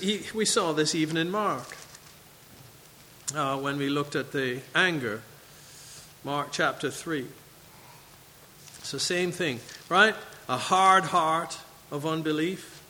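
Man preaching a sermon, high bright voice, long church reverb, faint hiss. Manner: expository preaching, quoting scripture, asking the congregation questions. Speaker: pastor. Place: church sanctuary.

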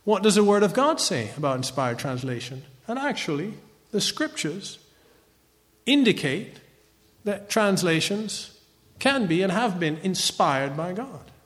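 A man's voice: sits high, big pitch swings, unhurried, a bit bright, long reverb tail. A man giving a conversational Bible teaching lecture, often checking in with a rhetorical "right?".

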